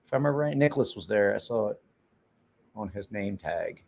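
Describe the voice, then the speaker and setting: A man's voice: on the low side, animated, a little fast, creaky, a little mellow. Swearing, laughing man telling stories. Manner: answers viewer chat off the cuff. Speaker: host of a knife live stream. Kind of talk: casual storytelling on a live stream.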